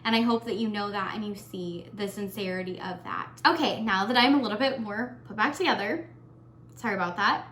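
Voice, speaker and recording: A young adult woman vlogging, earnest and heartfelt, talking warmly to her viewers and getting emotional. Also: mid-range voice, brisk, roomy sound, slight background noise. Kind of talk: casual year-end tag vlog.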